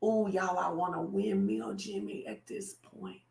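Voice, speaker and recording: A woman pastor giving a lively, colloquial sermon-style talk, speaking straight to her listeners. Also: lowish voice, a little slow, vocal fry, roomy sound. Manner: animated, colloquial, addresses the crowd directly.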